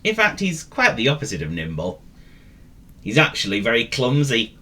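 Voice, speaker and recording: A man's voice: medium pitch, huge pitch swings, moderate pace, sharp tone. A man narrating a children's story, with playful, teasing asides to the listener.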